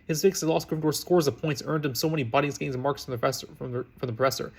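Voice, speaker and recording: A man narrating a fan fiction story aloud, hurrying through the text and often stumbling and restarting words. His voice sits a bit high for a man, and the pace is very quick. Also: breathy edge. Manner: rushed, frequent slips and restarts. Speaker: reader.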